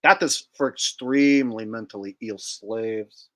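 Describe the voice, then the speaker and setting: Parody: a man playing a pompous, self-righteous online guy, slow and solemn. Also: fairly low pitch, pitched below the performer's own voice, close to an everyday voice. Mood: mock-solemn. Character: smug, pompous online man mocked by the host.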